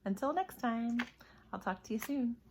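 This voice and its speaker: A teacher reading a picture book aloud to her pupils in a gentle, expressive way. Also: fairly high pitch, normal speed, a little hiss or hum. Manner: expressive, gentle storytelling to children.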